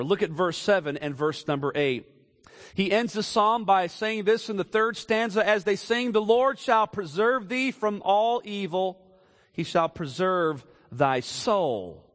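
A man preaching a sermon, moving from quiet storytelling to raised, emphatic declarations. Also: on the high side. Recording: long hall reverb.

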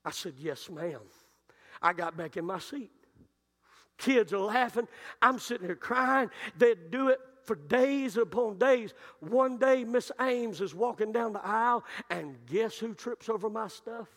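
A man preaching a sermon, telling stories and building to shouted climaxes. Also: high-pitched, a little slow. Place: church sanctuary. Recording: long reverb of a church hall.

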